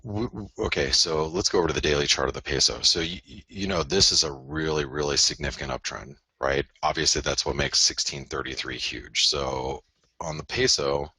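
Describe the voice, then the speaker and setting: A man's voice: very deep voice, animated, normal speed, gravelly, pushed and bright, husky, no room sound. A man hosting a live currency-market analysis broadcast, rambling, self-interrupting and joking as he goes through his charts. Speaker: host and currency trader.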